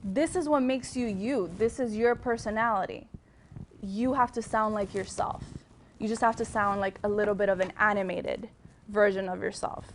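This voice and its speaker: A woman's voice: mid-range voice, slight background noise. A young woman with a Miami accent, a TV news reporter, giving chatty advice to students with lots of ums and restarts. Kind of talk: casual advice talk to students.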